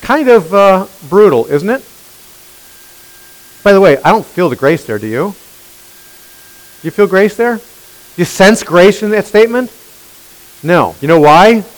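Animated, high-voiced male preacher. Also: unhurried, long pauses, poor audio. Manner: animated, questioning the congregation, emphatic. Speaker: pastor. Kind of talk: sermon.

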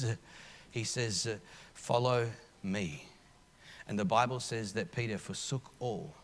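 Earnest pastor, higher male voice. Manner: earnest, swings between quiet reflection and impassioned emphasis; frequent restarts and filler uhs. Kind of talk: live sermon. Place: church service.

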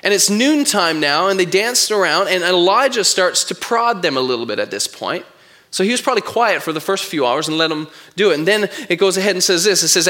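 A male pastor delivering a sermon with a high, bright, forceful voice. He tells the story expressively and reads scripture aloud to his listeners. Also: animated, a little fast.

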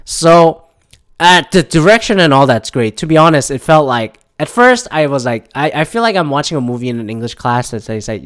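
A man's voice: medium pitch, lively intonation, normal speed. A man from Canada hosting his own podcast, rambling through movie opinions in a casual, profane, wry way. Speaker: podcast host.

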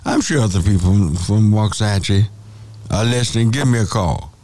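A man's voice: lowish voice, moderate pace, mellow, a little hiss or hum. A man hosting a call-in radio show, arguing insistently with a caller and repeating his points. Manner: argumentative, insistent, repeats phrases.

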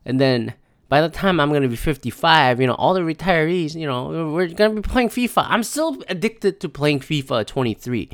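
A man's voice: a little high, moderate pace, no room sound, studio quality. A man in his thirties hosting a solo podcast, ranting casually with lots of swearing and rambling asides. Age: 30s. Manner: profane, rambling, animated. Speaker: podcast host.

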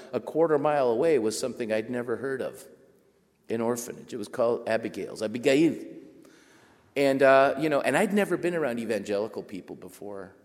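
A man telling a lively personal story to a group as a writer, acting out quoted voices and laughing as he goes. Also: medium pitch, long reverb tail. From Mexico border region. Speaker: writer giving a talk.

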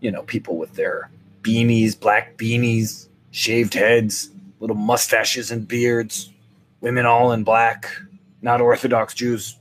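An older man, speaking slowly in a mid-range voice, runs a podcast and talks to his listeners in a solo comic monologue. It's wry and rambling, with animated shifts into quoted voices. There's slight background noise.

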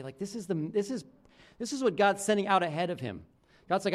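A man preaching a sermon as pastor, talking casually with restarts, his phrases often dropping low and quiet at the end. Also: lively intonation, fast.

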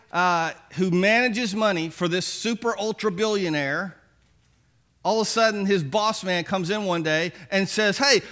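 A preacher telling a parable to his congregation in a relaxed, folksy way, chuckling as he goes. His voice rides high for a man, bright and forward. The delivery feels like a conversation. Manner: casual, folksy storytelling with chuckles. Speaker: pastor. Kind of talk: sermon.

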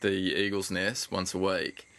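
A man's voice: low voice, level tone, unhurried, vocal fry, pushed and bright. A young Australian man on a podcast, telling a story with lots of laughs and swearing. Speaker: podcast co-host. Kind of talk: casual chat.

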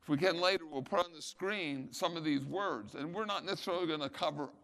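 A man preaching a sermon, teaching Bible verses emphatically, asking rhetorical questions and swelling to loud, stressed points. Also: a little high, fast talker. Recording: long hall reverb.

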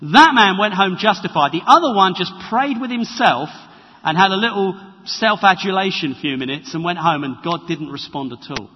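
A husky man preaches in a lively, high voice that swings up and down. His talk is conversational and animated. A long church reverb trails his words, and the recording is dull and lo-fi. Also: normal speed. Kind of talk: sermon. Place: church hall.

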